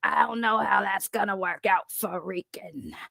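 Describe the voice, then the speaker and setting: Joking woman streamer, slightly gravelly. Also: mid-range voice, fairly even intonation, bright, forceful tone, no room sound. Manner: loose, joking, quick to laugh. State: sore throat. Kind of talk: casual reaction stream chat.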